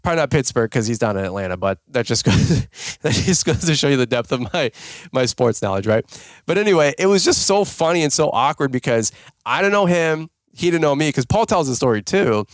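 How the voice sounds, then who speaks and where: A man hosting a podcast talks at a quick clip, spinning loose, rambling stories packed with "like" and "dude." He pokes fun at himself, and his pitch jumps whenever he quotes someone. The recording is close and dry, with no room sound. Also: lively intonation, no echo. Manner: filler-heavy, self-mocking, jumps into higher-pitched voices when quoting people. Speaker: podcast host. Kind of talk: casual rambling storytelling.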